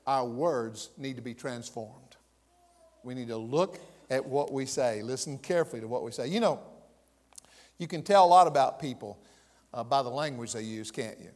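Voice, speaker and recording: A middle-aged man with a Southern US accent preaching a sermon as pastor, folksy and emphatic, swelling to loud peaks. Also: medium pitch, normal speed, big-room sound. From American South.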